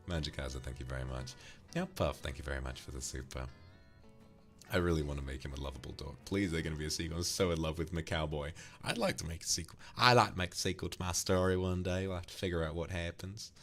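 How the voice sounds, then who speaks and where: A man's voice: a bass voice, fast, fairly bright tone, faint music behind. A man from the UK, streaming and casually thanking viewers for donations, affectionately calling them darling. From United Kingdom.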